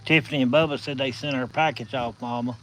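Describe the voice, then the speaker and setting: A man with a Southern US accent hosting a casual live stream from his phone, telling stories in a folksy, drawn-out way. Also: mid-range voice, fairly even intonation, a bit bright, slight background noise, low-quality recording. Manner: folksy, drawn-out storytelling with chuckles.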